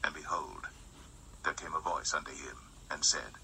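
A man reading King James scripture aloud at a Bible study, steady and rising in force at dramatic lines. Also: a bass voice, moderate pace, vocal fry, slight background noise, rough recording. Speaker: Bible reader.

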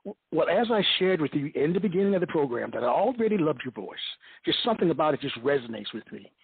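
A man hosting a radio interview, encouraging his guest with soft affirmations. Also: fairly high pitch, very animated, quick pace, creaky, background noise. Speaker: radio host. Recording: tinny phone line.

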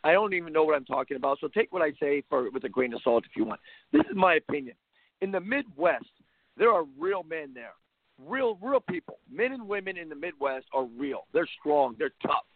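A man's voice: on the high side, sing-song, fairly quick, no room sound. A man hosting a sports talk show, delivering a blunt, mocking, opinionated monologue. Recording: tinny phone-line sound.

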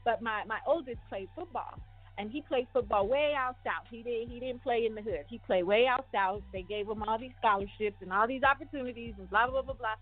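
A middle-aged woman hosting a show, talking casually to viewers in an animated, conversational way with slang and quick restarts. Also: a little high, soft background music. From United States. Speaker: host. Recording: phone-like line, dry.

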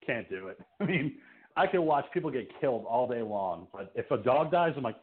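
A man's voice: medium pitch, big pitch swings, normal speed, narrow, tinny audio, slight background noise. A man co-hosting a horror podcast in casual chat, laughing often and telling stories with swearing. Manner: laughing, profane storytelling. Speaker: podcast co-host.

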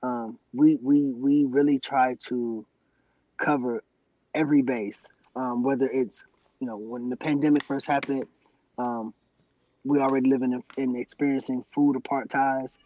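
A man's voice: medium pitch, steady tone, normal speed, dark tone, no echo, lo-fi sound. A man being interviewed about his activism, speaking earnestly and gratefully in casual podcast talk, from Cleveland. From Cleveland, USA. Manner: earnest, grateful, frequent affirmations. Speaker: guest activist.

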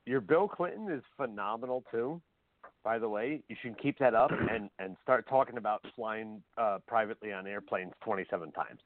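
A man, a comedian, chatting in a blunt, excitable way. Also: on the low side, normal speed, no room sound. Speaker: comedian co-host. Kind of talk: casual chat. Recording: dry phone line.

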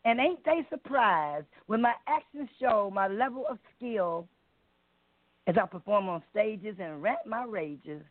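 A woman's voice: mid-range voice, expressive, a little slow, no room sound. A woman calling in to an open mic show to perform a spoken word poem, delivering it in a rhythmic, emphatic way and playing with dialect. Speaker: open mic poet caller. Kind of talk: spoken word poetry reading. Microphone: phone call. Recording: dry tinny phone line.

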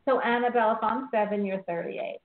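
A woman's voice: on the high side, brisk. A sixty-one-year-old woman hosting a call-in show, bubbly and talkative, laughing often. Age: 60s. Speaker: radio show host. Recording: echoey, tinny phone-like sound with faint hiss.

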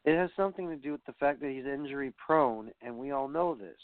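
Sounding exasperated, a wrestling commentator delivers a rambling, profane rant on a podcast. His medium-pitched male voice moves fast, and the audio is dry and tinny, like a phone, with no echo.

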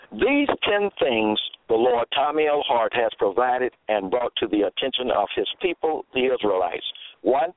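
A man's voice: medium pitch, no room sound. A man preaching a radio-style sermon, teaching in a didactic way and asking the listener rhetorical questions. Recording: tinny phone-line sound, dry.

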